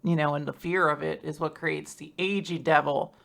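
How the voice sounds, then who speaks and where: A woman co-hosting a casual podcast, chatty and quick to laugh. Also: low-pitched, steady tone, creaky, a bit bright. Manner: laughs often, rambling with fillers. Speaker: podcast co-host. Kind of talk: casual chat.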